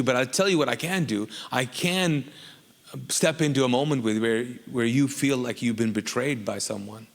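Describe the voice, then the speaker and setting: A man's voice: mid-range voice, in a large hall. A man from Kuwait, a pastor preaching a sermon in a casual, joking style that often asks the congregation questions.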